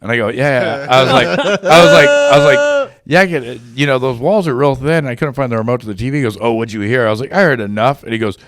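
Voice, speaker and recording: A man's voice: mid-range voice, rapid-fire, hardly any pauses, very noisy. A man co-hosting a podcast, telling a crude anecdote in casual chat with acted-out quotes. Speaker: podcast co-host. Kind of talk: casual storytelling.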